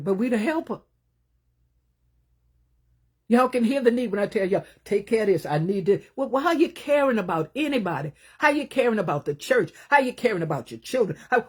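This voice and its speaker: A husky, slightly breathy woman preaching a fervent sermon. Her voice sits in a middle pitch, with emphatic stresses that flare up loud and then sink into quiet, low asides. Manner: impassioned, emphatic preaching with swings between loud bursts and hushed low asides.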